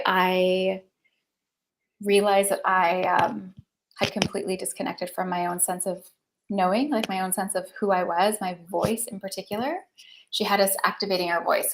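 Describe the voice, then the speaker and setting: A woman's voice: fairly low pitch, gravelly. A woman who works as a somatic breathwork coach, speaking as a podcast guest and telling her personal story in a chatty, earnest way with many fillers. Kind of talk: candid personal storytelling in an interview.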